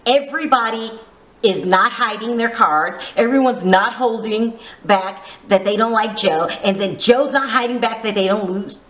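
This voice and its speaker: Woman, casual recap, gossipy, teasing asides, lively pitch, echoey room. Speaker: vlogger reviewing a reality show.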